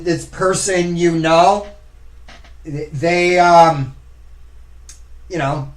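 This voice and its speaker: A man hosting a live stream, talking casually and rambling as he addresses his viewers directly. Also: fairly high pitch. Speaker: streamer host.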